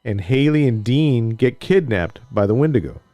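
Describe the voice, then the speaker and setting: A man's voice: mid-range voice, animated, normal speed, mellow, no echo, soft background music. A man co-hosting a podcast, recapping a TV episode in casual chat, rambling and joking as he tells the story. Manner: rambling, jokey storyteller who acts out scenes.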